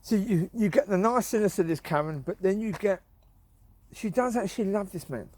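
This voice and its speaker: A man's voice: high voice, lively intonation, normal speed, a little mellow, slight background noise. A man, rambling in a casual commentary while out walking his dogs in the woods. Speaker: vlogger. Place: outdoors in rural woods.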